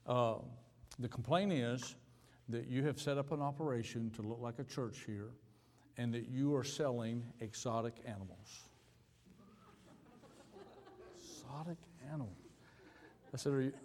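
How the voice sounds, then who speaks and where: A male pastor telling a story in a sermon, acting out both sides of a conversation with sudden leaps in pitch. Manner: animated storyteller, acting out dialogue with big pitch jumps. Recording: hall reverb.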